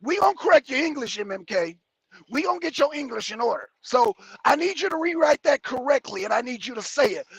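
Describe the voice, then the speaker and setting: High, gravelly man ranting on stream. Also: very animated, a little fast, fairly bright tone, no room sound. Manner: heated, profane, repeats and mocks viewer comments. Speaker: YouTube commentator. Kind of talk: ranting livestream commentary.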